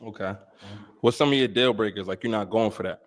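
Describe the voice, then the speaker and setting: A man from New York hosting a dating show, asking brisk, routine questions. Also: lowish voice. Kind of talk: street dating show interview.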